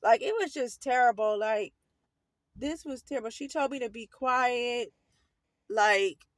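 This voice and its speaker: A woman's voice: a little high, a little slow, dry recording. Rambling woman telling a personal story. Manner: rambling, self-correcting, earnest retelling. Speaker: storyteller vlogger. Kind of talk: casual storytime recounting.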